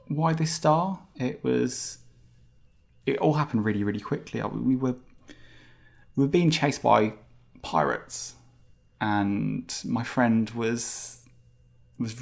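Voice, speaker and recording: A man voicing a nervous, stammering female talking hamster in a tabletop game. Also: medium pitch. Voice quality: gravelly, halting, stammering.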